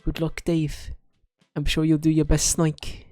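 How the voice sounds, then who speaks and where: A man voicing a cheerful female pig villager in a game, in a put-on Welsh accent with a high, sing-song tone. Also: monotone, unhurried, darkish tone, no room sound, faint music behind, natural voice. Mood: chirpy.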